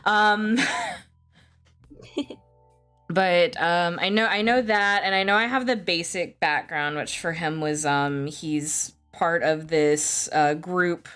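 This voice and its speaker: Low-voiced Southern woman, hesitant. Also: slow, fairly bright tone, smooth, faint music behind. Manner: hesitant, filler-heavy, giggly. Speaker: player. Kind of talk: casual chat about a tabletop game.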